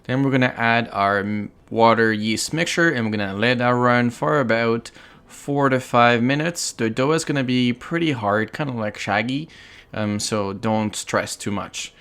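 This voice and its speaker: French-accented male chef host, mid-pitched voice, playful and chatty, walks through a recipe step by step. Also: measured pace, a bit bright, smooth. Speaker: chef and cooking show host. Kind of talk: cooking tutorial.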